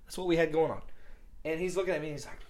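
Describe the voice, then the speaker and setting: A man in his thirties tells loose stories, laughing and cursing as he goes. His voice sits a little high for a man, and he keeps the energy up. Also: rapid-fire. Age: 30s. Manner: animated storyteller, swears freely, laughs while talking. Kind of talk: casual chat.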